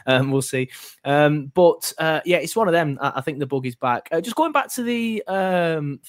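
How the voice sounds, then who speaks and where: A man's voice: fairly high pitch, animated, normal speed. Man, fan podcast host, casual football chat, rambling, hesitant. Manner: rambling, hesitant, lots of fillers and restarts.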